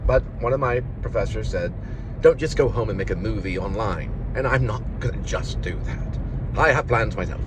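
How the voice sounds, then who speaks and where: A man's voice: fairly low pitch, moderate pace. A man from Fort Worth, Texas, talking in a put-on British accent, rambling and joking with himself as he vlogs from a moving car. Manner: chatty, joking, chuckles to himself. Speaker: actor vlogger. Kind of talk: rambling casual vlog while driving. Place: inside a car on city streets. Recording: loud car road noise.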